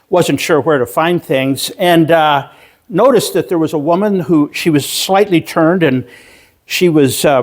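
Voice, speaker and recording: A male pastor preaching a sermon, telling a story slowly with halting pauses and self-deprecating humor. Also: on the high side. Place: church sanctuary.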